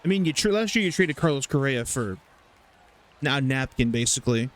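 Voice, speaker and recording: A young man casually commentating his baseball video game, rambling, swearing and getting excited over plays. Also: mid-range voice, normal speed. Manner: chatty, rambling, profane, excitable. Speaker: gaming YouTuber. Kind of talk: casual let's-play commentary.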